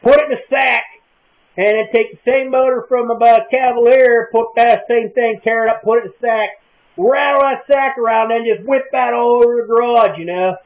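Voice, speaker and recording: A man with a high, thin voice rambles through a casual monologue in a folksy, unhurried small-town manner. The sound is tinny and narrow, as if heard over a phone line. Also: fairly even intonation. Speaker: comic vlogger in character.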